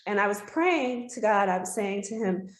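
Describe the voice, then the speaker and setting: A woman's voice: mid-range voice, animated, normal speed. A woman giving a heartfelt personal testimony as an interview guest, telling her story earnestly. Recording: roomy echo.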